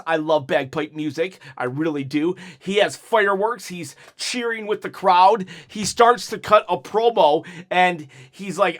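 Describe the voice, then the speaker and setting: A man's voice: sits high, a bit bright. A man giving an enthusiastic, rambling one-take review of a wrestling show while his mouth is sore from dental work.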